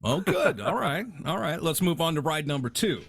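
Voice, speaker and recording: A man's voice: a little high, sing-song, normal speed, gravelly, a bit bright, no echo. A man hosting a podcast, bantering casually with blunt, profane interjections. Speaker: podcast host.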